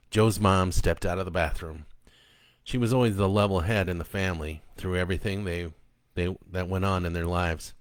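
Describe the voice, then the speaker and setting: Relaxed, low-voiced man reading his book. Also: moderate pace, no room sound, clean studio sound. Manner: relaxed and chatty, with many ums and uhs. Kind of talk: casual intro and story reading.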